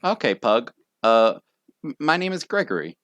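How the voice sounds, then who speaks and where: A man's voice: medium pitch, sing-song, moderate pace, fairly bright tone, no room sound. A man doing a foul-mouthed jackalope. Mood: blunt. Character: swearing male jackalope named Gregory.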